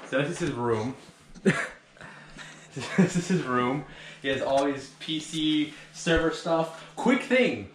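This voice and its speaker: Speaking slowly with long pauses in a slightly high voice, a young man rambles, swears and laughs through a casual vlog with friends. It's filmed indoors in a bedroom, with echo and faint noise.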